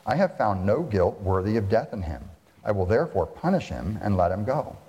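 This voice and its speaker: A man's voice: on the low side, sing-song, normal speed, dark tone. Pilate, a man reading a stern Roman governor. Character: stern Roman male governor, uneasy and wavering. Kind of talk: scripture reading. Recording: reverberant hall.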